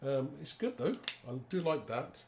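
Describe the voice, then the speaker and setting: A man's voice: mid-range voice, big pitch swings, normal speed. Chatty man demonstrating card making. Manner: chatty, talks to viewers while working. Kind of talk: live craft demonstration. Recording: echoey room with faint background noise.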